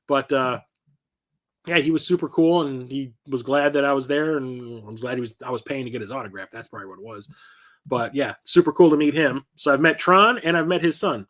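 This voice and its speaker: Here a middle-aged man with a medium-pitched, fairly bright voice runs a casual show-and-tell video about the things he collects. He's the channel's host, and his rambling anecdotes are littered with fillers and self-corrections.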